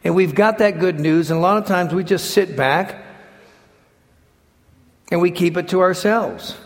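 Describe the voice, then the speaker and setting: Guy preaching, kinda high voice, acts out the stories, big long echo in the hall. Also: a little slow. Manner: animated storytelling, acts out quotes and shouts. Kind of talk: sermon.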